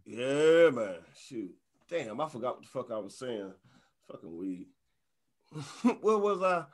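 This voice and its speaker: A man's voice: mid-range voice, big pitch swings, slow pace. A young man hosting a casual podcast, talking in slang, swearing and laughing easily. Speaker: podcast host.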